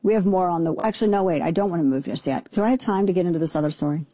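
Sarcastic talk radio woman, dark tone. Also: fairly low pitch, dry recording. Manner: fast, sarcastic, indignant ranting. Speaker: radio talk show host. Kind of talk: opinionated talk radio monologue. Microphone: studio microphone.

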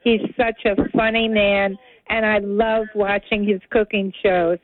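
A woman's voice: medium pitch, little pitch movement, a little slow. Gushing woman caller on a phone line. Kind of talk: call-in radio chat.

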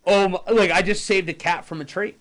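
A man's voice: sits high, a little fast, fairly bright tone. A young man co-hosting a local sports radio show, bantering and joking in a casual, playful way.

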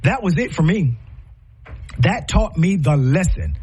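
Impassioned husky-voiced man, preacher-like. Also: a little high, expressive, measured pace, a little mellow. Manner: preacher-like, rhetorical questions and repetition. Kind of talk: impassioned commentary on parenting.

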